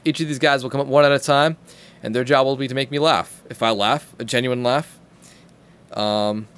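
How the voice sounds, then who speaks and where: A man's voice: mid-range voice, fairly even intonation, moderate pace, a bit bright, smooth. A young man hosting a gameplay video, talking in a dry, easygoing way as he calls players up one by one. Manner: dry, easygoing, hard to amuse. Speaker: gaming host. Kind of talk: casual gameplay commentary.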